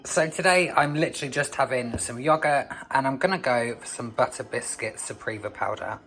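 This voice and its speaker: A man talks through his day as a casual home vlogger. He is chatty and loose, drops swear words freely, and fills his pauses with "um". Faint music plays behind him. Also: mid-range voice, a bit bright. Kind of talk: casual vlog chat.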